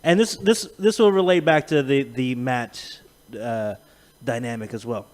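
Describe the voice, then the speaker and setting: A man's voice: medium pitch, unhurried. A man co-hosting a podcast, telling rambling, profane stories in casual chat. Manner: profane, rambling, animated storytelling with laughs. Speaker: podcast co-host.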